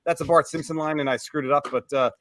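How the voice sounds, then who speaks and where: A man's voice: on the high side, steady tone, fast, fairly bright tone. A man on a video-call panel reading chat comments and making wisecracks. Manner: joking, wordy comparisons.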